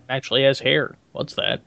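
A man chimes in on a podcast chat with brief, dry one-liners and low murmurs of agreement. His audio sounds dull and lo-fi. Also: wildly swooping pitch, measured pace, creaky, sharp tone, no room sound. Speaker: podcast co-host. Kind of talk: casual chat.

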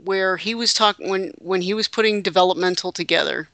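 A woman's voice: mid-range voice, a little fast, a bit bright, no room sound. A woman hosting a casual podcast chat, reading quotes aloud with joking asides. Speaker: podcast host.

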